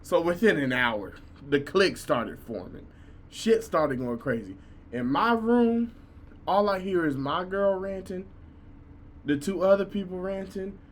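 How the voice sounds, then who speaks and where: A college student vlogger in his twenties tells a story as a casual, animated rant, swearing freely and stumbling over repeated words. His voice sits high and unhurried, with a little hiss or hum in the recording.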